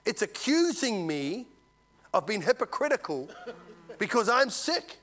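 A man preaching a sermon, telling a story and swinging from loud to hushed. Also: high-pitched, big pitch swings, measured pace. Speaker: visiting preacher.

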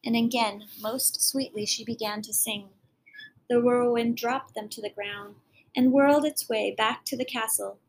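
A woman's voice: a little high, fairly even intonation, unhurried, a little hiss or hum, low-quality recording. A woman narrating a fairy tale expressively, with dramatic storybook reading.

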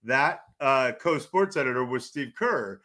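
A middle-aged man from California, a sports journalist and guest, telling loud, rambling stories in casual podcast chat. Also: mid-range voice, a little slow. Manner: animated storyteller, loud, rambling with restarts.

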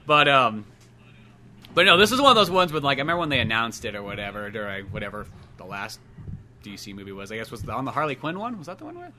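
A man's voice: mid-range voice, animated, quick pace, sharp tone, a little hiss or hum. A man hosting a podcast, chatting casually and rambling, swearing often and acting out exaggerated voices. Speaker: podcast host. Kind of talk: casual chat.

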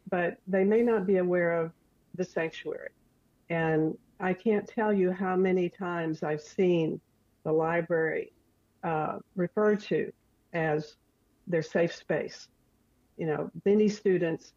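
An older woman, a retired school librarian, speaking in a measured, earnest way as a guest. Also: fairly low pitch, a little mellow, no room sound, lo-fi sound. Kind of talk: podcast interview.

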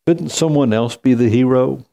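A man preaching a sermon as pastor, slow and emphatic, with wide swings in pitch. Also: vocal fry, warm tone.

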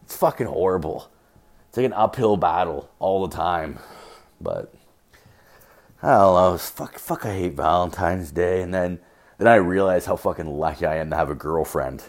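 Solo podcaster, young adult male, slightly low register, crude and rambling storyteller. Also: moderate pace. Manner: profane, filler-heavy, storytelling. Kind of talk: casual rambling monologue.

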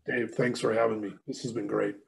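Briskly and with a creaky, lowish voice, this middle-aged man gives a storytelling testimony as a guest speaker and ministry leader, animatedly voicing both parties in each exchange. A slight hiss or hum runs under the audio.

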